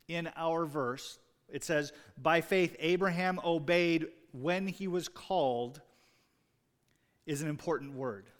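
A man preaching a sermon in a conversational way, with rising emphasis on key words. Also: a little high. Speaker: pastor. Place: church sanctuary. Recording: long reverb in a large hall.

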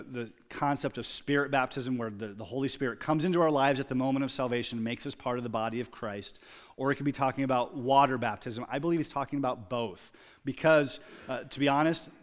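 A man preaching a sermon, moving from quiet, reflective storytelling to loud, emphatic exclamations. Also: medium pitch, a little fast. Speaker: pastor.

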